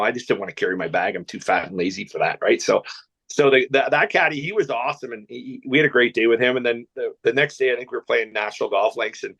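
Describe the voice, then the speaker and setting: A man's voice: mid-range voice, a bit bright. Rambling Canadian man telling golf stories. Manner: fast rambling anecdotes with frequent restarts and laughter. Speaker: podcast guest. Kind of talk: casual storytelling chat.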